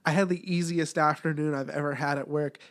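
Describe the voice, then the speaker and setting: A man's voice: fairly high pitch, fairly even intonation, a little fast, a bit bright. A man guesting on a podcast, chatting casually in a laid-back way, swearing and calling people dude. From Canada. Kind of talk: casual chat.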